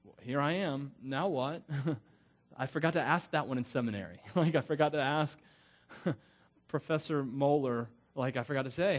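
A middle-aged pastor preaches in a loose, conversational way. His voice sits a little high for a man, and he often laughs at his own asides. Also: moderate pace. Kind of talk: sermon.

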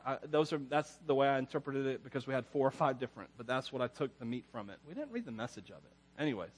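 A man's voice: a little high, animated, fast, few pauses. Chuckling man preaching a casual sermon. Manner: chuckles often, rambling storyteller. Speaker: pastor. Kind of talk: conversational sermon with personal stories.

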